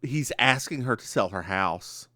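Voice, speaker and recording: A man's voice: mid-range voice, lively intonation, measured pace, bright, forceful tone, no room sound, clean studio sound. A man with a Southern US accent co-hosting a podcast, chatting sassily and playfully about a TV episode. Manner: sassy and playful, calls his co-host girl. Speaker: podcast co-host. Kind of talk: casual chat about a TV episode.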